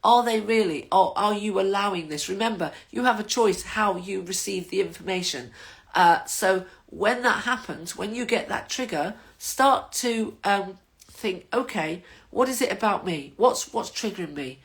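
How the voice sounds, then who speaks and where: A woman's voice: mid-range voice, moderate pace, gravelly. An older woman, chatting casually to her viewers in a rambling, waffling monologue as the host of her own vlog.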